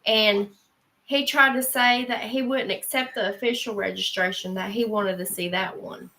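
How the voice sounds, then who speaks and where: A woman's voice: medium pitch, steady tone, normal speed, bright, forceful tone, a little hiss or hum, poor audio. A woman in a casual chat, laughing often and rambling through a story.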